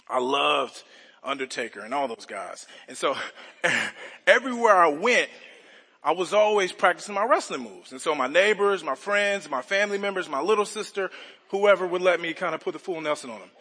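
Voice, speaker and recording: A male pastor preaches in a bright, slightly husky voice with a fairly high pitch. He delivers an earnest, expository sermon full of rhetorical questions. The sound carries a long reverb from a large church sanctuary.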